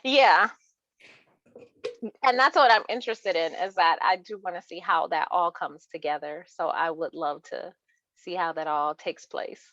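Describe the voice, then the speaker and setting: A woman's voice: fairly low pitch, measured pace, fairly bright tone, dry recording, highs cut off. A woman author in casual interview chat, talking about books she reads with frequent laughter and many restarts.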